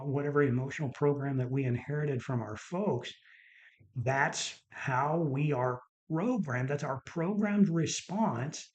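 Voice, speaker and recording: A man's voice: on the high side, darkish tone. A middle-aged man, a doctor hosting his own podcast, tells stories in an earnest, casual monologue and repeats words for emphasis.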